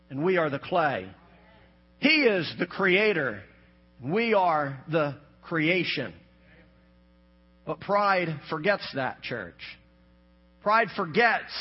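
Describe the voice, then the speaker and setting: A man preaching a sermon in a very high, husky voice. He builds into shouts, then drops low and firm to drive a point home. The recording is dull and lo-fi. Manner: preaching with rising shouts and dropping to low emphatic asides. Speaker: pastor.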